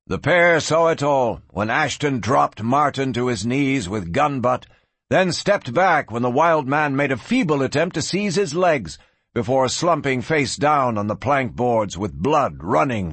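A man giving a measured, scripted audiobook narration of a western story. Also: mid-range voice, very animated, a bit bright, breathy edge, no room sound.

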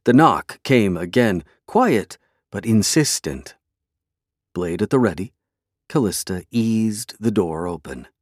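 A man narrating a fantasy novel in a measured, even storytelling way. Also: on the low side, dry recording, clean studio sound. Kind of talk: scripted fantasy audiobook narration.

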